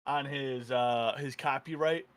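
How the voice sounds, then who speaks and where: A man's voice: medium pitch, steady tone, a little slow, a bit bright, clear, resonant tone. A man on an online voice call, ranting with lots of swearing and stammered restarts. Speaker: guest on a streamer's voice chat. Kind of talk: casual crude group banter.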